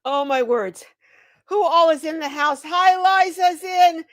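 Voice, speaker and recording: An older woman hosts a casual livestream, greeting her viewers by name in a high, bubbly voice full of little exclamations. She is still out of breath. The sound is dry and close, with no room around it. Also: unhurried, no echo. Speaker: livestream host.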